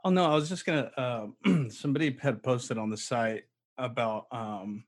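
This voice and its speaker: A man's voice: medium pitch, moderate pace. Hesitant man chatting as host. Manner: hesitant, trailing with fillers. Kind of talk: casual conversation.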